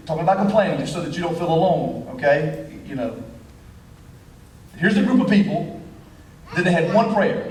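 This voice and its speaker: A man with a high voice preaches to a church crowd, animated and joking, often repeating words before a thought gets going. His voice carries through a roomy, echoey hall. It sounds a little distant from the mic. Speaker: pastor. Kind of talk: sermon.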